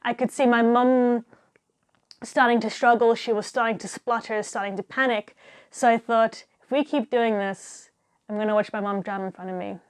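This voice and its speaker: Animated young woman telling stories. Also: on the high side, normal speed, clean tone. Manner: animated, laughs often, acts out quotes. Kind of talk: casual storytelling.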